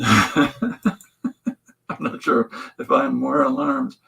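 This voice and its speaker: Gravelly, husky man rambling. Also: medium pitch, steady tone, slow, pushed and bright, poor audio. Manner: joking, meandering, lots of restarts. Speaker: host drawing comics on a stream. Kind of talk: rambling live-stream chat while drawing.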